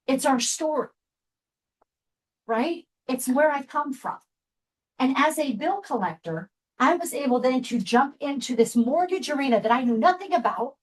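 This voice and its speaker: Woman, 50s, from Seattle, guest speaker, candid storyteller, slightly higher voice. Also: poor audio. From Seattle, USA. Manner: candid, chatty storyteller with frequent asides. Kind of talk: personal storytelling talk to a group.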